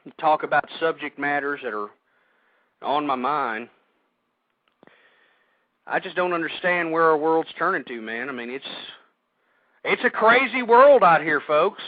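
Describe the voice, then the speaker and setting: A male talk radio host ranting through a monologue, swinging between shouting and weary sighs. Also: on the high side, no echo. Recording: dry tinny phone-line audio.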